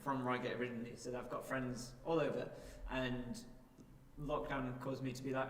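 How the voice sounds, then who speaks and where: Male co-host, mid pitch, chatty; off-mic in a reverberant hall. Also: level tone, moderate pace, a little hiss or hum. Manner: chatty, laughs easily, rephrases as he goes. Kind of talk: live church chat show. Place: church hall. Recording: distant mic in echoey hall, faint ambience.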